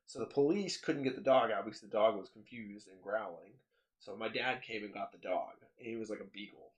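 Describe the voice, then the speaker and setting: A young man co-hosts a loose, casual podcast chat. He tells stories with animated energy, laughs often and swears freely. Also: on the low side, fairly quick. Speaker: podcast co-host.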